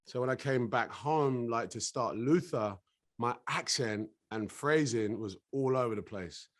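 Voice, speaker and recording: Middle-aged British man, laid-back guest, easy laugh, mid-pitched voice. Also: a little slow. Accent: British English. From England. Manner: relaxed, laughs easily, slips into voices. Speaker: actor guest. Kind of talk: casual interview chat.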